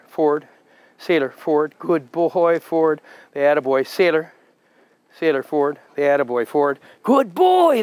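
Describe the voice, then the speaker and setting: A man's voice: a little high, dry recording, poor audio. Man calling commands to a dog. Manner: repeated short commands and praise to a dog; casual explaining between commands. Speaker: dog trainer. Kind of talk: dog training demonstration with commentary.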